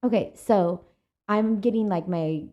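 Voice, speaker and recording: A woman co-hosting a relaxed talk show, chatting and spinning everyday stories with easy fillers. Her voice sits at a middling pitch for a woman. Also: a little slow, lo-fi sound. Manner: chatty, animated retelling with fillers. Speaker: podcast co-host. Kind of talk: casual chat and storytelling.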